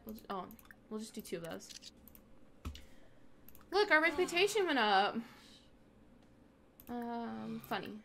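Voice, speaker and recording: Young woman gamer host, talks back at characters, fairly high voice, casual commentary. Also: vocal fry, a bit bright, slight background noise. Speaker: gaming video host. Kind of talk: casual let's-play commentary.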